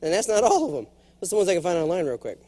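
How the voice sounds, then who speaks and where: Lively high-voiced man giving a keynote. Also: very fast. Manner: jokey and animated, slips into character voices. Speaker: keynote speaker. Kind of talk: humorous motivational keynote speech. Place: large conference hall.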